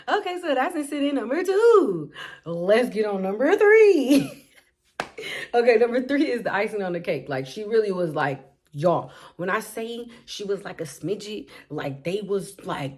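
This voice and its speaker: A young woman telling a casual storytime to her viewers in an animated, playful way, laughing often and acting out what people said. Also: medium pitch, a little slow. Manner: animated, petty, laughs often, acts out quotes. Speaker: storytime vlogger.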